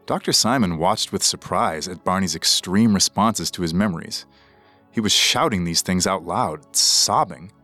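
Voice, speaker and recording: A man narrating a scripted true story for a podcast in a measured, dramatic way. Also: low voice, bright, forceful tone, soft background music.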